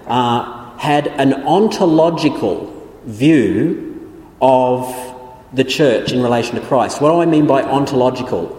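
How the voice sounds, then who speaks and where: A Bible teacher gives an explanatory theology lecture, frequently restarting sentences and using many fillers. His voice is mid-range with a dark tone, recorded in an echoey room with long reverb.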